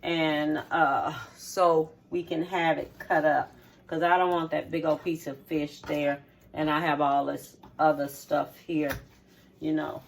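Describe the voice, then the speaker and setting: A woman's voice: sits low, little pitch movement, a little slow, creaky, a little hiss or hum. A middle-aged woman in her home kitchen, showing how she cooks in a homey, repetitive way and checking in with "okay?". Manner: homey, repeats steps, checks in with 'okay?'. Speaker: home cook and channel host. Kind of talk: casual cooking demonstration.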